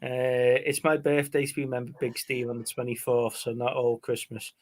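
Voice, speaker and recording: On a movie live stream, a male co-host keeps a medium pitch with little movement and a moderate pace. His talk is easygoing and meandering, full of stories and fillers.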